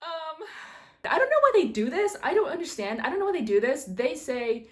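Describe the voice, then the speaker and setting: A woman's voice: high voice, sing-song, fairly quick. A woman in her twenties talking casually to camera at her desk at home, ranting sarcastically about her frustrations, with sudden squeals. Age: 20s. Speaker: vlogger. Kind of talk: casual vlog chat.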